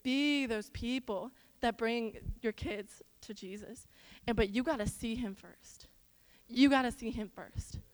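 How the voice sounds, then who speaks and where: A young woman from the Midwest preaching to a church as a children's minister, animated and emphatic, moving between loud exhortation and soft, slangy asides. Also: fairly high pitch, a little slow, low-quality recording. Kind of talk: casual sermon.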